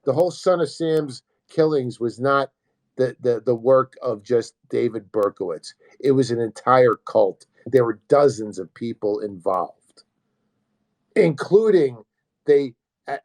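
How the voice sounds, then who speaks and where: Slow-talking, profane male commentator. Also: medium pitch, darkish tone. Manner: profane, agitated, rhetorical questions to the audience. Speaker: host. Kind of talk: casual commentary.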